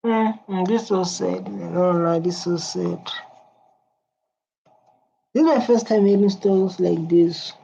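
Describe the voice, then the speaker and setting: A woman's voice: on the low side, measured pace, vocal fry, pauses often, dark tone, breathy edge. A woman hosting a reaction video, speaking earnestly, repeating herself and humming while she listens. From South Africa. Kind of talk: emotional reaction commentary. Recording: dull lo-fi audio with faint noise.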